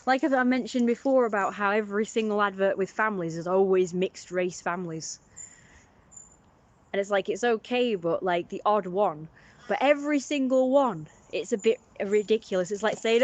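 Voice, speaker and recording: A woman's voice: mid-range voice, moderate pace, muffled recording. A young British woman livestreaming a casual, rambling opinion rant, often mocking others in put-on voices.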